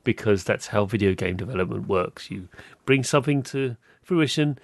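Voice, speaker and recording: A man's voice: fairly low pitch, animated, moderate pace, dry recording, studio quality. A man hosting a podcast interview, chatting casually and animatedly, often laughing and acting out quoted voices. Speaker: podcast host.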